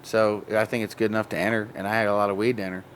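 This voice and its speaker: A low-pitched man talking loosely and happily on a podcast, wandering through his sentences and laughing at his own jokes. A faint hum of room noise sits behind his voice. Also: level tone, rapid-fire. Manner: rambling, joking, laughs often. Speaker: cannabis breeder and show guest. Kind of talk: casual podcast chat.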